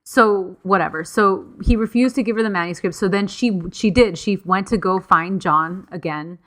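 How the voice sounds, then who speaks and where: A woman's voice: medium pitch, normal speed, a bit bright. A woman co-hosting a podcast, telling a story in casual chat and acting out quotes in playful voices. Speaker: podcast co-host.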